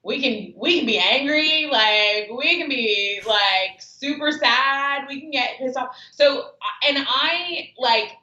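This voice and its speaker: Bright high-voiced woman, radio guest. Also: echoey room, dull audio. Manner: candid, fast storytelling with "like" fillers. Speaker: radio show co-host, guest. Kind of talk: casual radio chat.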